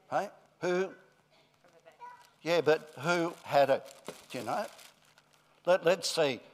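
A middle-aged male pastor giving a friendly children's talk, then a deliberate sermon. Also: a little high.

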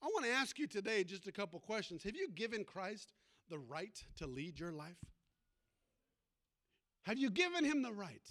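Very animated and a bit bright, this high-voiced male pastor preaches at a moderate pace. His sermon unfolds as a story, punctuated by calls to the congregation for amens.

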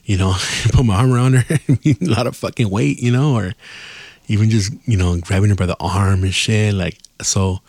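A man's voice: on the low side, normal speed, a little mellow, dry recording. A man hosting a podcast, telling a rambling, profane story in casual chat and laughing often. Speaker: podcast host.

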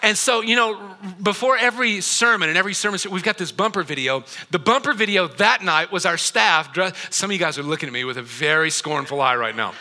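A middle-aged man preaching a sermon in a church auditorium, his voice high and very bright. He tells his story in an animated way and keeps turning to the congregation with asides. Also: fairly quick, hardly any pauses, slight background noise. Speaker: pastor.

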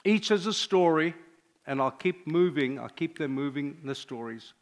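An older man, a pastor, preaching a sermon with personal stories, sometimes dropping to a hushed confessional tone. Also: a little high, animated, moderate pace.

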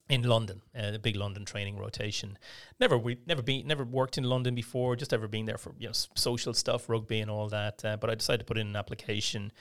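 An Irish man in middle age talks quickly through his memories, with a low voice and a gravelly edge. He often breaks off and restarts, filling gaps with little sounds as he goes. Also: fairly bright tone. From Ireland. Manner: fast, rambling with many restarts and fillers. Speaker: surgeon. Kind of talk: interview storytelling.

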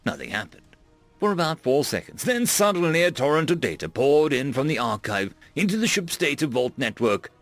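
A man telling a sci-fi story in a casual, offhand way. His voice is gravelly and a bit high, with lively swings in pitch, recorded dry and close. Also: a little fast, no echo, faint music behind. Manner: casual, fillers between voices.

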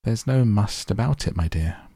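A man voicing a gentle, thoughtful middle-aged father, speaking in a measured way. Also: on the low side, lively intonation, slightly rough, no echo, studio quality, pitched above the performer's own voice.

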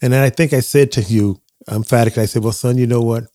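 A man's voice: mid-range voice, steady tone, fast, warm tone, no echo. An older man telling family stories as a podcast guest, reflective and acting out remembered dialogue. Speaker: guest, dentist father of the host. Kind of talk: casual storytelling in a podcast interview.

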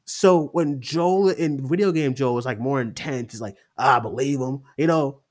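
A young man co-hosting a casual podcast chat, excited, swearing often and acting out quotes. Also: on the high side, moderate pace. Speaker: podcast co-host.

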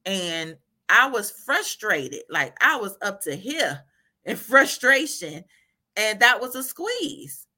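Bright, animated woman encourager. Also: medium pitch, takes it slowly. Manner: animated, laughs often, asks "right?" repeatedly. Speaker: faith encourager. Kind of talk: informal devotional talk.

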